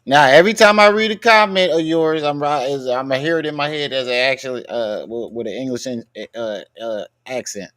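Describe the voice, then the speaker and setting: A man's voice: mid-range voice, fairly quick, few pauses, a bit bright. Blunt Philly man mocking a clip. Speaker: live-stream host reacting to clips. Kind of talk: casual live-stream commentary.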